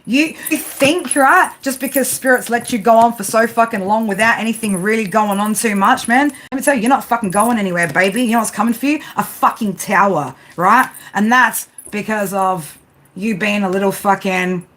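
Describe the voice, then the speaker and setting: In a profane tarot reading monologue, a woman with a mid-range, fairly bright voice speaks at normal speed, bluntly scolding her listeners. She swears constantly and tags her sentences with "right?". The home recording has clear background noise.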